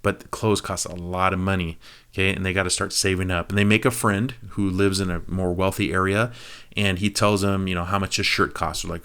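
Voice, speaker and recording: A man giving a casual movie review, retelling the plot in an animated way with quick asides to the viewer. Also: low voice, smooth. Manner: animated storytelling, quick asides to the viewer, acts out quoted lines.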